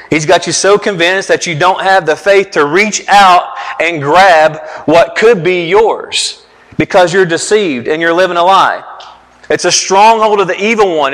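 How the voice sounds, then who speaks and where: A middle-aged man preaches in a reverberant hall, his slightly high voice bright and forceful. He tells stories earnestly and leans on repeated phrases for emphasis. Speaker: pastor. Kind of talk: sermon.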